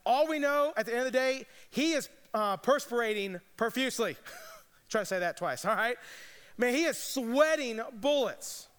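A man's voice: very high voice, normal speed, fairly bright tone, clean tone. A man preaching a sermon as pastor, earnest but conversational, with casual asides. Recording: long reverb of a large hall.

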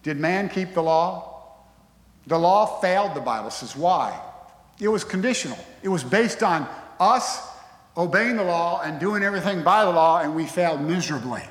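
A pastor preaching a sermon in an emphatic, conversational way, from a church sanctuary. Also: male voice, on the high side, expressive, moderate pace, a bit bright. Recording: echoey hall with long reverb.

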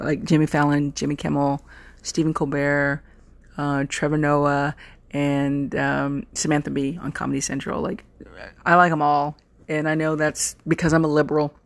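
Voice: mid-range voice, vocal fry, dry recording. A podcast host from Texas in a rambling, chatty solo monologue, full of fillers and self-mocking asides. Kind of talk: casual solo podcast chat.

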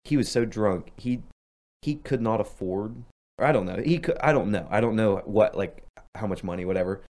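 A man's voice: fairly low pitch, moderate pace, a little mellow. A young man telling rambling stories in casual chat with friends, full of fillers and laughs. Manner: rambling storyteller, lots of "like", laughs often.

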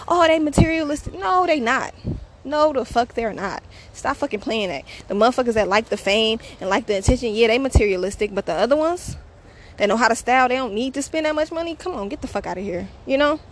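A woman's voice: mid-range voice, slight background noise. A woman hosting her own show, talking in a blunt, profane, emphatic casual monologue. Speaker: podcast host.

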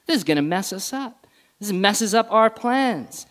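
A man voicing a startled, fearful male demon, exclaiming in a high, panicked voice. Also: animated, unhurried, fairly bright tone. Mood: panicked surprise. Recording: long reverb of a large hall.

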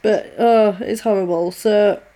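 A woman with a mid-range voice recounts a horror film in a slightly slow, casual chat. She brings it to life by acting out the characters' lines.

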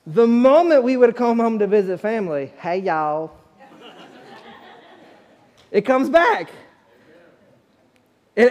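Pastor preaching a sermon, male, higher-pitched voice, loose and conversational with the congregation.

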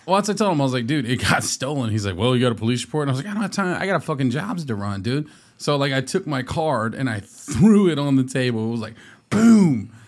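A man's voice: mid-range voice, big pitch swings, fast. A man co-hosting a podcast, telling a story in casual chat, swearing a lot and acting out what people said. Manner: profane, storytelling with put-on quotes. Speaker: podcast co-host.

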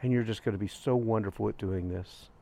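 An older man hosting a grief vlog, telling a personal story in an earnest, gentle way with soft pauses. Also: fairly low pitch, vocal fry. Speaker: grief podcast host. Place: outdoors on a hiking trail.

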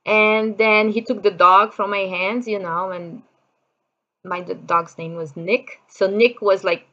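A woman's voice: medium pitch, steady tone, measured pace, pushed and bright, lo-fi sound. A middle-aged woman from Brazil with a Brazilian Portuguese accent, telling a personal story in a chatty way, full of "you know" fillers and acted-out quotes.

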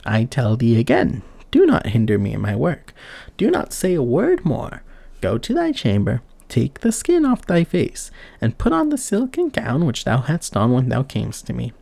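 Brief: stern old woman of a fairy tale, deliberate and gravelly, in a dry close recording; a man reads her. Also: mid-range voice, huge pitch swings, mellow, no room sound, full character voice. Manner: slow, archaic and measured. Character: stern old wise woman, kindly underneath.

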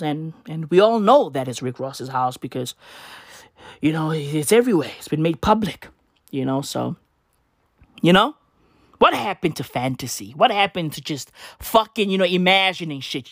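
A man's voice: fairly high pitch, lively intonation, normal speed, fairly bright tone, no echo, clean studio sound. Profane, slangy man ranting. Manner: profane, slangy, rambling with rhetorical "right?". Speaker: vlogger. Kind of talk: casual ranting monologue.

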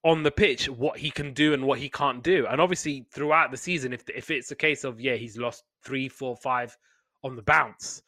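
A man's voice: normal speed, dry recording. A man, co-hosting a casual sports podcast and talking animatedly. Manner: animated, gets loud and high when excited. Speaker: podcast co-host.

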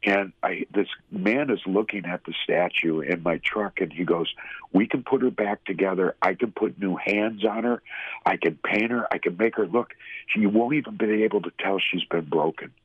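A man's voice: low-pitched, moderate pace, slightly rough, dry recording. A man earnestly and emotionally telling his personal story as a guest. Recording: tinny phone-like sound.

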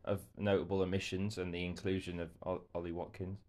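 A man's voice: sits low, level tone, fairly quick, a little mellow. A man from England hosting a podcast, chatting casually about football, laughing often and poking fun at himself. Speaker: podcast host.

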